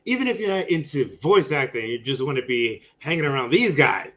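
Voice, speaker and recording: A man's voice: expressive, a little fast, fairly bright tone, dull audio. A man hosting a livestream, hyping products to the audience over a video call. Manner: hyped salesman pitch. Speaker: stream host.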